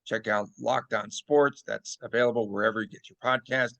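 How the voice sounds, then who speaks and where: A man's voice: mid-range voice, fairly even intonation, normal speed, vocal fry, fairly bright tone. Playful man hosting a sports podcast. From Las Vegas. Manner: playful, teasing, mock-outraged. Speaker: podcast host. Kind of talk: casual sports podcast chat.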